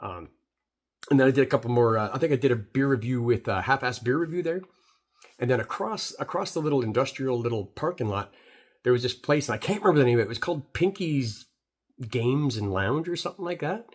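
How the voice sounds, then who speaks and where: A man's voice: mid-range voice, expressive, brisk. A middle-aged Canadian man who reviews beer, recapping a trip in a rambling, swearing, filler-heavy story.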